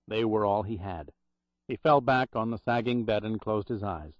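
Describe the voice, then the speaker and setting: Male audiobook narrator, steady even read, dry close sound, a bit dull. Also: fairly low pitch, normal speed, no echo. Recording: dry, slightly muffled recording.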